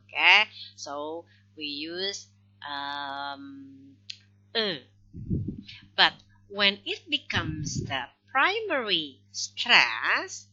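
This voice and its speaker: A woman teaching a phonology lesson in a recorded lecture. She explains slowly and step by step, with non-native English grammar, and checks in often with "okay". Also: low-pitched, sharp tone. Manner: slow explanatory, frequent "okay" check-ins. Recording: dull lo-fi recording.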